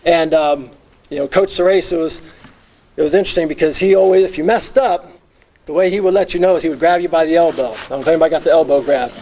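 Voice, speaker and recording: A man's voice: on the high side, fast talker, darkish tone. A middle-aged man gives an earnest acceptance speech as a former teacher and coach, reminiscing with many fillers. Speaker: hall of fame inductee, former teacher and football coach.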